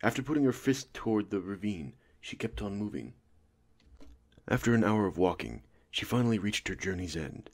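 Deep-voiced man narrating. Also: moderate pace. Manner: steady storytelling. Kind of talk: scripted audiobook narration.

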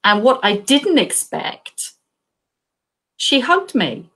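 A woman from Australia who writes crime thrillers, telling an animated story on a video call, laughing often and acting out what people said. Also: a little high, slow. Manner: acts out quoted voices. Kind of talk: live video chat interview.

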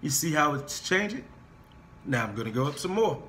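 A man teaching a singing lesson, talking his students through warm-up scales and encouraging them, often stopping to repeat himself and say "okay?" and "guys". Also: a little high, big pitch swings, moderate pace. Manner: restarts and stammers while explaining.

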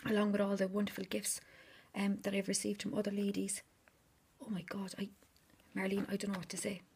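A woman opening craft gifts on camera, gushing and overwhelmed, slipping between hushed whispers and excited exclamations. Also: medium pitch, gravelly, a little hiss or hum. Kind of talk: unboxing chat, often whispering. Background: crinkling paper and packaging.

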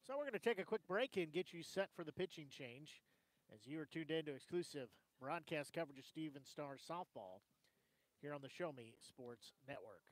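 A man with a slightly raised voice works the play-by-play of a softball game. His calling is brisk and conversational, and it follows the action pitch by pitch. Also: expressive, no room sound, poor audio. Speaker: play-by-play announcer.

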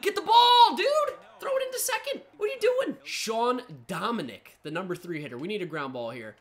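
A woman giving excitable live commentary over a baseball video game, talking to the players on screen. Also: fairly low pitch. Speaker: gaming channel host.

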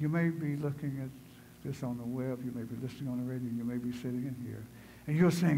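A man's voice: medium pitch, fast, few pauses, dark tone, slight background noise, low-quality recording. A man preaching a sermon in a church. He tells his story conversationally and builds to fervent, emphatic preaching. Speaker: pastor. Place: church sanctuary.

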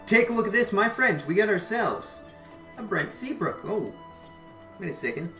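Excitable woman, card pack opening commentary, lively voice, roomy echo with faint music. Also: mid-range voice, moderate pace. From Canada. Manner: excitable, repeats exclamations. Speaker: channel host.

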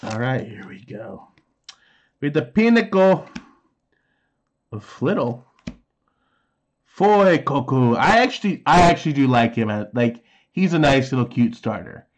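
A man's voice: mid-range voice, very animated, a little slow, pauses often, muffled recording. A man in his thirties casually chatting while opening trading card packs, reading card names aloud and making sound effects. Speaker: card unboxing host.

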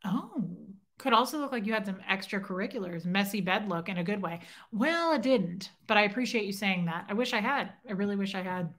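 A woman's voice: mid-range voice, lively intonation, fairly quick, hardly any pauses, a bit bright. A woman hosting a casual livestream, chatting with viewers and reading their comments aloud, self-deprecating and teasing. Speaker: livestream host. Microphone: phone.

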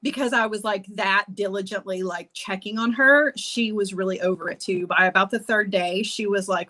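A woman's voice: mid-range voice, normal speed, pushed and bright. A woman in her forties hosting a jewelry-making livestream from her home office, chatty and bubbly, laughing often as she rambles. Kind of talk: chatty live-stream talk.

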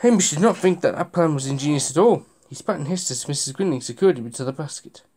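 Children's story narrator, expressive, lively pitch, chatty asides. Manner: expressive, slows for suspense, asides to listener. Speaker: reader. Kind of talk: reading a children's picture book aloud.

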